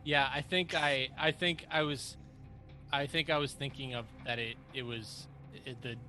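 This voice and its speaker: A man co-hosting a casual podcast, thinking out loud while answering a quiz. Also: mid-range voice, normal speed. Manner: animated, laughing, thinks out loud. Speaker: podcast co-host, quiz contestant.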